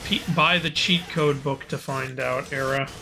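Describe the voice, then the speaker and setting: A man's voice: mid-range voice, steady tone, measured pace, vocal fry, pushed and bright, a little hiss or hum. A man joining a co-op game stream as a guest, chatting casually, joking and laughing often. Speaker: guest co-op player. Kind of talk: casual gaming chat.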